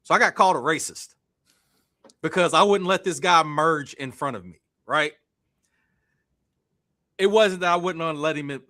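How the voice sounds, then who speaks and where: A man co-hosting a podcast, telling a story in casual chat, animated and swearing, acting out quotes loudly. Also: a little high, normal speed, long pauses. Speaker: podcast co-host.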